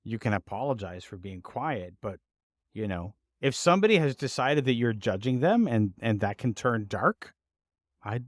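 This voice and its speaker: A man's voice: medium pitch, expressive, moderate pace, no echo, clean studio sound. A man co-hosting a podcast in casual chat, laughing often, restarting sentences and joking about himself. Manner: laughs often, many restarts, self-deprecating. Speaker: podcast co-host.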